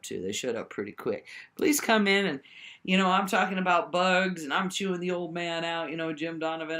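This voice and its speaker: A woman telling a rambling personal story to the camera, swinging between high exclaims and low mutters and often checking in with the listener. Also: bright, forceful tone. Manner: keeps checking in with the listener with "right?".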